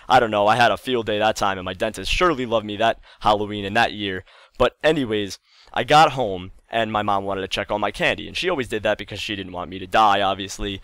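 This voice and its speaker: A man's voice: fairly low pitch, fairly bright tone, no room sound. Chatty man telling a story, dry sound. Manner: chatty, rambling, repeats words for emphasis. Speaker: YouTube storyteller. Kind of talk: casual storytime vlog.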